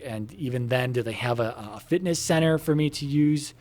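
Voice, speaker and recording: Speaking quickly with few pauses, a man with a fairly high, darkish voice chats to viewers while gaming. He meanders from his home computer room, using plenty of fillers, casual swear words and game asides.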